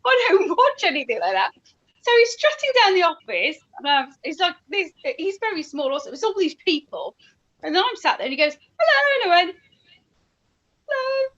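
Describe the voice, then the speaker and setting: A woman's voice: very high voice, sing-song, brisk, a bit bright. A woman chatting casually as a guest, telling rambling stories and laughing often. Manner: bubbly, laughing, rambling storyteller. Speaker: radio presenter guest. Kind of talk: casual chat. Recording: dull lo-fi audio.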